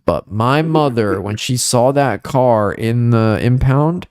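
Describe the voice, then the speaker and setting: Animated man telling a story, dry sound. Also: slow, smooth, no room sound. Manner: animated storyteller, rising pitch on dramatic moments. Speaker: podcast host. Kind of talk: casual storytelling chat.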